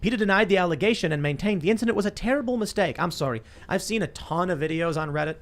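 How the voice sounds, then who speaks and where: A man hosting a podcast panel, telling stories in a rambling, quick way with many restarts. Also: sits high, expressive. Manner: fast, rambling storytelling with restarts. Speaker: podcast host. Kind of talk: casual panel talk.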